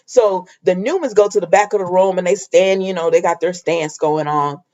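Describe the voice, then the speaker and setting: A woman's voice: on the low side, moderate pace, darkish tone. A woman chatting casually as a soap opera recap vlogger, talking straight to her viewers and the characters. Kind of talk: casual chat.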